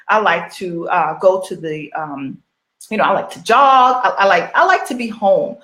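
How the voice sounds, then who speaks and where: A middle-aged woman gives a casual motivational talk as an online business coach, circling back with rhetorical questions and repeating herself. Her voice sits slightly high, and the room around her has a noticeable echo. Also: fairly bright tone. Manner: repetitive, rhetorical questions, chatty.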